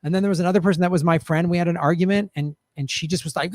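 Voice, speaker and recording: A man chatting casually on a podcast, telling a story in an animated way and acting out what others said. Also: sits high, quick pace, no room sound, studio quality.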